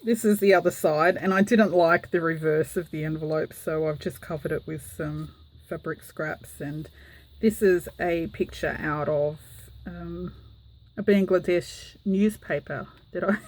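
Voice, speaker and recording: This craft vlogger casually shows her handmade journal to the camera, giggling and talking with lots of fillers. She has a lowish voice with a darkish tone, fairly even intonation and a measured pace, on a rough recording.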